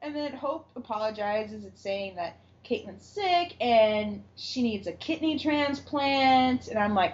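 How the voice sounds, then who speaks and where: Speaking a little slowly with hardly any pauses, a woman with a somewhat high, expressive voice recaps a TV episode as a podcast co-host. It's a relaxed chat where she acts out lines and laughs frequently, recorded in dull lo-fi quality.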